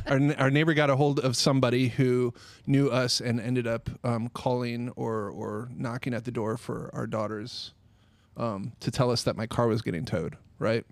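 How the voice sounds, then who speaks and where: A man in a casual group chat, telling a funny story in an animated way. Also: medium pitch, measured pace, no echo.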